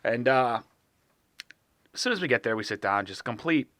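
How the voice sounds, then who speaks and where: A man's voice: medium pitch, expressive, moderate pace, a bit bright, no room sound. A young man co-hosting a podcast in casual chat, profane and dry, talking into a studio mic. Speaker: podcast co-host.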